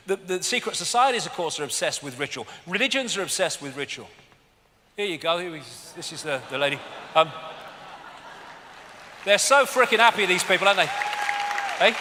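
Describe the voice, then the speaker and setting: An English man giving a live seminar lecture, animated and mocking, swearing freely. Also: on the high side. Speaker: seminar speaker. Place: lecture hall with audience. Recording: long hall reverb, faint audience.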